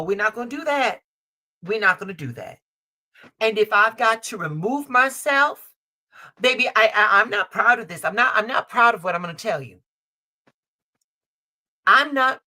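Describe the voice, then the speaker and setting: This middle-aged Chicago woman hosts a live-stream tarot reading over a streaming call setup, her medium-pitched voice sharp in tone. She's emphatic and repeats her lines, calls her listeners baby and honey, and curses freely.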